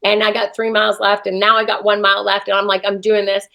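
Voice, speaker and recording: A woman's voice: mid-range voice, monotone, fast, creaky, bright, forceful tone. A woman, an interview guest, telling a personal story with feeling and acting out her own past thoughts. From Canada.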